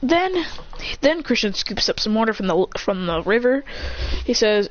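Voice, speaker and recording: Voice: mid-range voice, expressive, moderate pace. A casual storyteller who rambles through a fan story, often restarting sentences and acting out the characters' lines. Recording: dull lo-fi recording with faint hiss.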